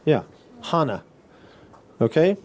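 A man's voice: fairly high pitch, sing-song, slow, slight background noise. A man teaching a class, explaining patiently, restarting phrases and checking in with his listeners. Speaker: Bible Greek teacher. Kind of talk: classroom lecture.

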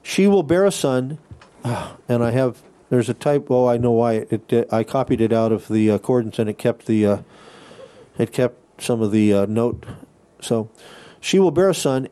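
A man's voice: medium pitch, dark tone. A man teaching a Bible lesson on a podcast, reading quoted passages aloud and explaining Greek words step by step.

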